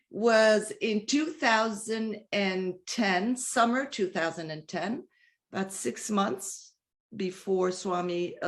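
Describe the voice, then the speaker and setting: A woman from the United States sharing a personal spiritual testimony in an earnest, emotional way, often restarting her sentences and dropping into soft, hushed passages. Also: mid-range voice. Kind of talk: heartfelt personal testimony talk.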